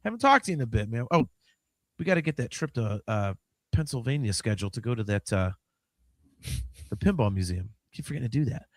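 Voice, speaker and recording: Animated fifty-year-old man, dry mic. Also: medium pitch, fast, long pauses, dry recording. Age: 50s. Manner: animated, swings from mumbling to loud outbursts; swears freely. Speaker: podcast host. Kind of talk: casual chat.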